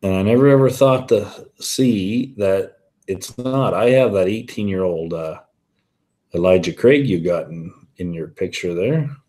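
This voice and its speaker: A man's voice: low voice, measured pace, mellow. A man, chatting casually on his whisky vlog and answering viewer comments, rambling and often correcting himself. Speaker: whisky vlogger.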